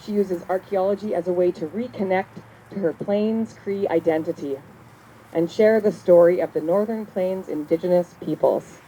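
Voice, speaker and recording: A woman hosting an event, reading a formal introduction of the next speaker in a measured, earnest way. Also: medium pitch, mellow, a little hiss or hum, rough recording.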